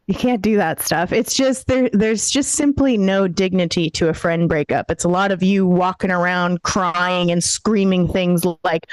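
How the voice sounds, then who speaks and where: On a video call from her home in a warm city during the day, a female comedian holds a handheld mic and tells punchy, self-deprecating stand-up stories. Her fairly low voice stays steady and a little slow, and the audio is poor but free of echo.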